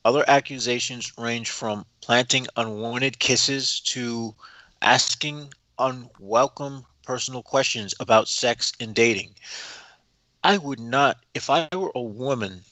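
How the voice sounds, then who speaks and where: Male cohost reading headlines aloud, blunt asides, mid pitch, dry sound. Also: measured pace, sharp tone, dry recording, rough recording. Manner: reads headlines, then adds blunt remarks. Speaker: livestream cohost. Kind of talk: reading news and commenting.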